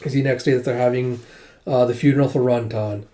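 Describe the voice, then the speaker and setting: A man's voice: mid-range voice, steady tone, a little fast, mellow. Casual man recapping a manga. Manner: casual, rambling, lots of "like".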